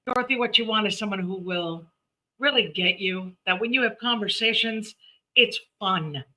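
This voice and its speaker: Woman numerologist host, very bright tone, chatty and animated on a live stream. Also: medium pitch, normal speed. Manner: chatty, animated, laughs often. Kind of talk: live-stream chat and readings.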